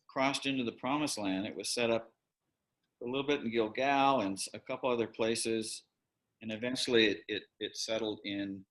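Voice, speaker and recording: A man teaching an online Bible class in a relaxed, rambling way, often stopping to correct himself. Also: on the low side. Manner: conversational, rambling with self-corrections. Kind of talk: casual online Bible lesson.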